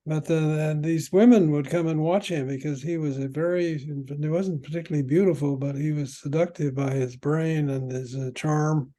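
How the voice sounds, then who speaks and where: An older man, a veteran player, telling rambling stories from the old days with halting restarts. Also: a little high, fairly even intonation, dark tone. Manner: halting, many restarts while recalling. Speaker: guest, veteran padel player. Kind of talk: rambling anecdotal storytelling.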